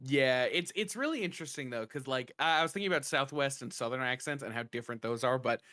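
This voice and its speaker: A man's voice: medium pitch, fast, pushed and bright, no room sound, clean studio sound. A man from the American South or Southwest co-hosting a podcast, rambling casually and laughing often. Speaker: podcast co-host.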